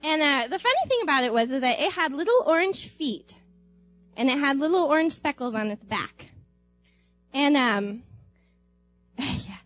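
A young woman telling a personal anecdote aloud in an animated way, laughing often and acting out screams. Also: sits high, moderate pace, pauses often, no room sound, highs cut off, faint music behind. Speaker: storyteller.

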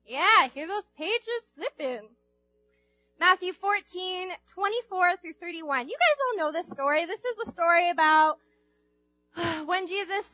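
A woman's voice: very high voice, bright, forceful tone, no echo, muffled recording. A young woman giving an informal, chatty sermon to a group, asking the audience questions and acting out quotes. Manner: chatty, playful, acts out quotes, asks the audience. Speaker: youth speaker.

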